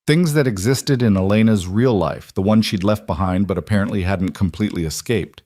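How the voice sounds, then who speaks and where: A man narrating a scripted drama story in a measured, even reading. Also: lowish voice, dry recording, clean studio sound.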